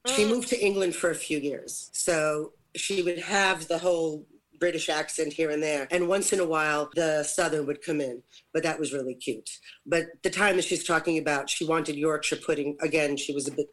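A woman's voice: deep voice, steady tone, moderate pace, poor audio. A woman hosting a radio talk show, telling friend stories in casual chat and laughing often. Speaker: show host. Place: radio studio.

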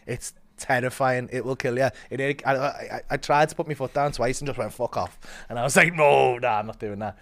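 A man telling a story as a comedian guest, swearing a lot and acting out quotes with big swings in loudness. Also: mid-range voice, a little fast, few pauses. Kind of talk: animated storytelling.

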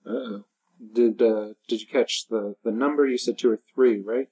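A seasoned park ranger from the Midwest, played by a woman in a tabletop game. The voice is very deep for a woman, and the manner is folksy and easygoing, with the odd hesitant restart. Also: fairly even intonation, normal speed, dark tone, poor audio. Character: veteran park ranger of fifteen years, from the Midwest.

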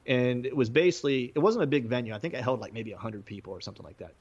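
A man's voice: mid-range voice, racing, highs cut off. A man, a musician, telling a loose story in casual talk, full of fillers and frequent laughs. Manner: rambling, peppered with fillers, laughing often.

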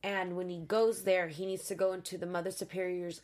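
A chatty woman hosts a relaxed panel discussion. She walks through a TV episode in a loose, rambling way, with quick asides and easy laughter. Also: fairly low pitch. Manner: chatty, laughs often, animated recaps. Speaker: host. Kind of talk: casual panel chat.

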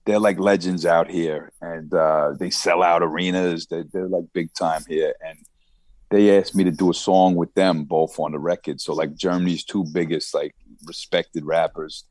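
A man's voice: deep voice, little pitch movement, normal speed, darkish tone, no echo. A middle-aged man with a Long Island accent, a rapper talking casually in an interview, rambling and restarting often. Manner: laid-back, rambling with many restarts. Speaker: rapper guest.

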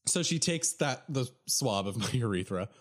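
A man's voice: mid-range voice, animated, moderate pace. Giggly American guy with hiccups. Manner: giggly, apologetic, rambling. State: has the hiccups. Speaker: podcast co-host. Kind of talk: casual storytelling chat.

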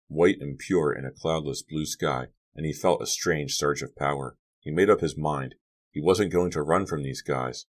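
A man narrating a young-adult horror novel as an audiobook reader, steady and dramatic. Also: a bass voice. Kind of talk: scripted narration.

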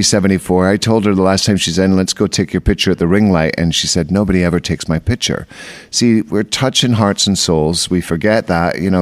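A middle-aged man with a very deep, low-pitched voice talks as a guest on a podcast. He is a veteran hairdresser and stage artist who tells stories with plenty of jokes. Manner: joking storyteller. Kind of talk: podcast interview.

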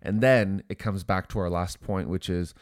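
A man's voice: sits low, steady tone, normal speed, no echo, clean studio sound. A man co-hosting a casual faith-based marriage podcast, with a congested, nasal voice from allergies. He sounds earnest and often repeats words as he starts a sentence. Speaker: co-host.

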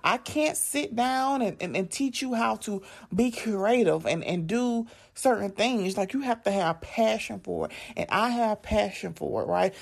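A woman's voice: fairly high pitch, expressive, moderate pace, vocal fry, slightly rough. A young woman, a content creator and podcast host, talking in an emphatic, casual monologue, often saying "like" and "right?". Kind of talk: casual direct-to-camera monologue.

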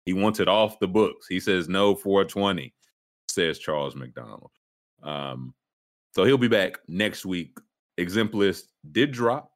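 On a laid-back sports and news podcast, this host trades jokes and riffs with his co-hosts in casual chat. He speaks a little slowly in a low, expressive voice.

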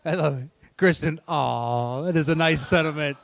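High-voiced man in lively banter. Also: normal speed, vocal fry, no room sound. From downstate Illinois. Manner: animated, swears, acts out quotes. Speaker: podcast co-host. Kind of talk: casual comedic chat.

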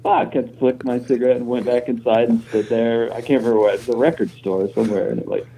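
A man's voice: mid-range voice, steady tone, quick pace, dark tone, breathy edge, low-quality recording. A man from Kansas, a musician guest on a podcast, telling stories in a rambling, profane, self-deprecating way with many restarts. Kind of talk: casual storytelling chat.

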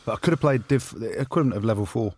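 Teasing English former rugby player. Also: male voice, medium pitch, animated, a little mellow, husky, no echo. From England. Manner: teasing, quick to laugh. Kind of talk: casual podcast banter.

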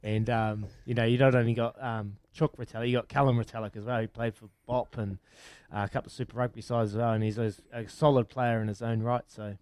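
A man's voice: medium pitch, flat delivery, quick pace, darkish tone, dry recording. A New man co-hosts sports radio from a remote studio. His voice sits mid-range and sounds dry and close, and he chats casually with plenty of filler words. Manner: chatty, lots of mate and um. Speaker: radio co-host, former rugby player.

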